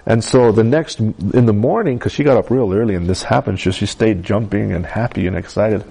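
A man's voice: mid-range voice, mellow, breathy edge. A middle-aged man teaching a Bible class, telling a story in a conversational way with asides and fillers.

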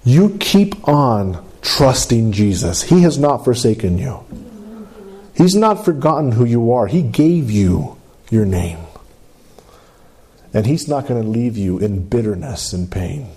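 A man preaching a sermon to a congregation, asking for amens and swinging between high emphatic lines and low drawn-out ones. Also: sing-song, mellow, slightly rough. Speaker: pastor.

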